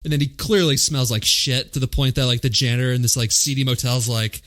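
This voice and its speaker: A man's voice: medium pitch, fairly even intonation, fairly quick, a bit bright. A man co-hosting a movie podcast, talking casually with plenty of swearing and acted-out quotes. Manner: profane, jokey, acts out quotes. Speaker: podcast co-host. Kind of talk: casual movie-review chat.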